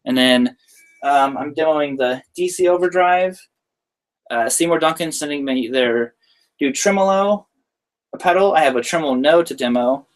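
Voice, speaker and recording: A man's voice: a little high, normal speed. A young man, a guitarist, answering viewer questions in a casual live-stream Q&A. He is chatty and loose, often says "like" and "uh", and laughs lightly mid-sentence. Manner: laid-back, chatty, loose with frequent "like" and "uh".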